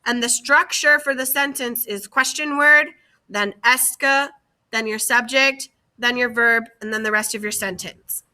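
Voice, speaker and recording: A woman's voice: on the high side, measured pace, bright, forceful tone. A woman teacher giving a slide-based lesson, speaking carefully and repeating key words for her students. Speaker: French teacher.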